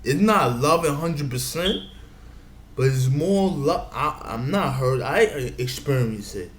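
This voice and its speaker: A man's voice: medium pitch, expressive, takes it slowly. A man giving advice in a meandering casual monologue, often saying "you know what I'm saying". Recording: echoey room with faint background noise.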